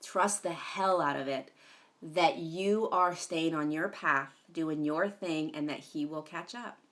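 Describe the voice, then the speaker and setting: A woman's voice: low-pitched, slow pace, fairly bright tone. A woman hosting a casual livestream, chatting in a rambling way with many fillers, greeting viewers by name and swearing now and then. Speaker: livestream host.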